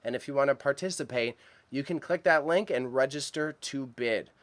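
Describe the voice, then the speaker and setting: Talking straight to his chat, a man from Canada runs a live stream about an auction, chatty and enthusiastic with heavy slang. His voice is medium in pitch and moves at a normal pace.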